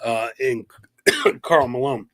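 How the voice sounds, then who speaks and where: A man's voice: mid-range voice, sing-song, slow, a bit bright, no room sound. A man co-hosting a podcast, telling a story in a casual, profane way, laughing often and acting out the people he quotes. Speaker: podcast co-host.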